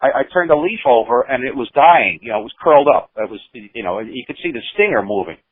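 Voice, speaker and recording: A man's voice: medium pitch, expressive, quick pace, breathy edge, no room sound. A man in his sixties, a musician being interviewed, telling long rambling stories with many restarts. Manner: rambling anecdotes with frequent restarts and acted quotes. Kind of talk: casual storytelling. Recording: tinny phone-like audio, dry.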